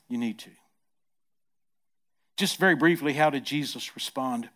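A middle-aged man preaching a sermon as pastor, swinging from quiet, soft passages to loud, emphatic ones and repeating words as he builds. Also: on the high side, animated, measured pace, long pauses.

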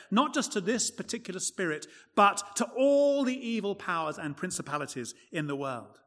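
A man preaching a sermon from the pulpit with emphatic, expressive delivery. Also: a little high. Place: church. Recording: long church reverb.

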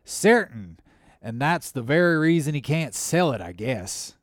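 A man's voice: a little high, sing-song, a little slow, no echo, studio quality. A man putting on a wry, folksy old-time innkeeper. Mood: teasing. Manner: folksy drawl, rustic dialect. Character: wry, teasing male backwoods innkeeper. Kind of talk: audiobook character voice.

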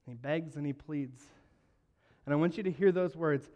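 A man preaching a sermon, telling a story and acting out its lines, moving between hushed and loud. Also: a little high, moderate pace. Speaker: pastor. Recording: long hall reverb.

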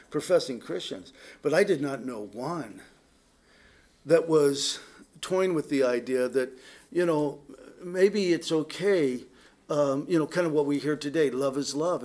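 A middle-aged male pastor preaching an impassioned, sarcastic sermon that rises to loud, emphatic peaks. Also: a little high.

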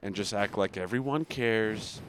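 Walking outdoors on a city street, a podcast co-host chats casually, playfully quizzing his friend and rambling through anecdotes. His lowish voice is unhurried and a bit bright, with a little hiss or hum in the audio.

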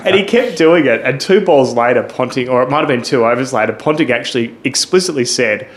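A man's voice: medium pitch, expressive, fairly quick. A man co-hosting a podcast, telling stories in chatty, amused casual talk. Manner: chatty, laughing storyteller. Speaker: podcast co-host.

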